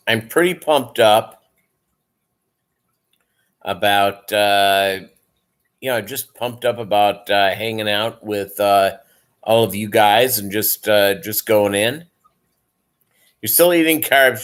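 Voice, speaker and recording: Tired male livestream host, slow and rambling, filler-heavy casual chat with viewers. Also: fairly low pitch. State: tired, yawning.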